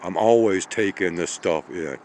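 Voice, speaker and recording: A tired man in his late fifties rambling through a slow monologue, checking in with "okay?" and "all right?" as he goes. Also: low-pitched, darkish tone, a little hiss or hum. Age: 50s. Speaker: channel host.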